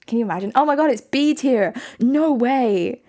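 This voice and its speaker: A young woman, voice sitting a little high, chatting casually with her live-stream viewers. She giggles often and breaks into laughter between sentences. The sound is close and clear, like a desk microphone. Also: animated, slow, warm tone.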